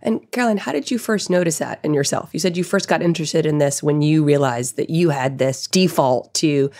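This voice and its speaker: A woman hosting a podcast, her voice hoarse from a sore throat, speaking in a measured, earnest way. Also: low-pitched, darkish tone. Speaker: podcast host. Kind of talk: podcast interview.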